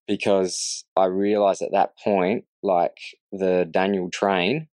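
A man earnestly telling his faith story in a casual interview, reflective and quick to laugh. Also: deep voice, little pitch movement, darkish tone, dry recording. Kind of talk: casual testimony in conversation.

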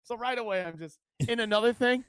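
A man co-hosting a morning radio show, laughing and reacting with loud exclamations. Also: extremely high pitch, fast, clear, resonant tone. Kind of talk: casual radio banter.

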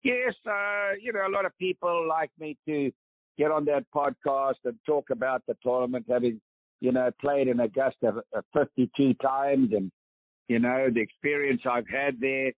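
A veteran golfer in his eighties, South African by accent, makes his points emphatically and preachily as a phone-interview guest. His pitch is medium and his speed normal. The sound is dry and tinny, typical of a phone line.

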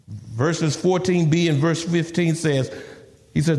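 A male preacher delivering a lively sermon, acting out scripture with laughing asides. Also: a little high, measured pace, in a large hall. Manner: animated, laughing asides, acts out scripture in a raised voice.

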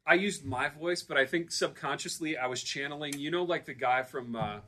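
A man's voice: on the high side, normal speed, sharp tone, slight background noise. A man in his forties hosting a casual podcast chat in front of a live audience, playful and telling stories. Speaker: podcast host.

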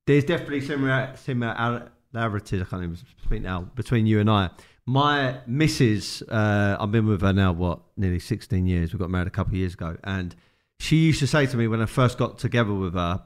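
A man hosting a podcast, relaxed and chatty, telling a personal story. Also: lowish voice, brisk. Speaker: podcast host. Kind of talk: casual interview chat.

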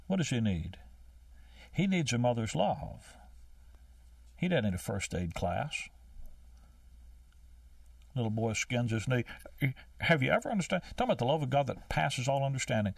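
An older man preaching a sermon, emphatic, slowing down to stress key phrases. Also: mid-range voice, animated, gravelly, no echo, far from the mic.

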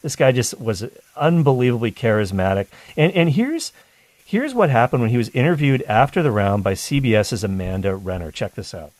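A man's voice: mid-range voice, expressive, normal speed, a little mellow, dry recording. A man hosting a talk radio show, chatting enthusiastically between calls. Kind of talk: casual talk radio chat.

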